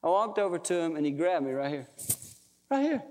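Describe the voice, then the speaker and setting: A man's voice: on the high side, sing-song, a little fast, darkish tone. A man preaching a sermon, telling family stories in a folksy, emotional way. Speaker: pastor. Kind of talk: storytelling sermon. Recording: long reverb of a large hall.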